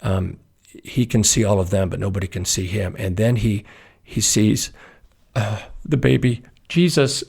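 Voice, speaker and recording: Man, pastor, husky voice, gravel in the tone, earnest devotional podcast talk, unhurried, restarts often. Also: deep voice, fairly even intonation, a little mellow.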